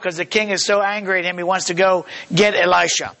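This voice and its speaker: A pastor preaches a sermon in a fairly high voice for a man. His delivery is halting, full of small fillers and restarts, and he slows to a deliberate pace when reading scripture aloud. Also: steady tone, sharp tone.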